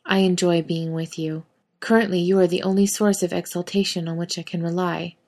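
Ancient male angel, solemn and literal, stiff formal speech, a low, soft voice, read by a woman; audiobook fan fiction reading. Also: little pitch movement, fairly quick. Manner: formal, stiff, earnest phrasing.

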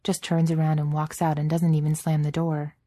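A woman reading fan fiction aloud in steady, measured narration. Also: low-pitched, no room sound.

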